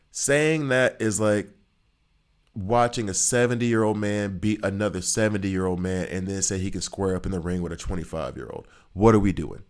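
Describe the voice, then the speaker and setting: A man's voice: low voice, moderate pace, clear, resonant tone. A man giving casual, rambling commentary while playing a video game, joking and repeating himself for emphasis. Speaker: gaming streamer.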